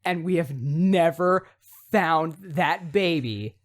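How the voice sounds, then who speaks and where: A man co-hosting a casual podcast in an easygoing, measured way, often affirming his partner. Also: fairly high pitch. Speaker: podcast co-host. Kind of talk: casual chat.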